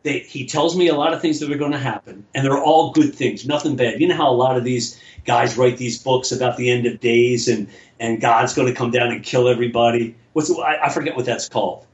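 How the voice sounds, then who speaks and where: A man telling a long personal story in casual chat, rambling and halting, with many restarts. He acts out the voices of the people in his story. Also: medium pitch. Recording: echoey, dull lo-fi audio.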